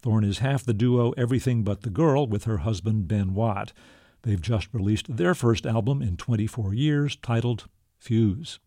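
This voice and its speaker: A man reading a scripted radio show introduction in an even announcer delivery. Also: on the low side, moderate pace, no echo, studio quality.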